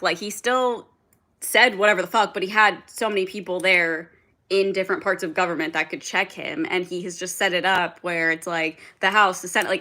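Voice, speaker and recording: Bright-voiced young woman ranting casually on a livestream. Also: lowish voice. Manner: rambling, heavy filler "like", frequent swearing, reads and answers chat. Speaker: livestream host.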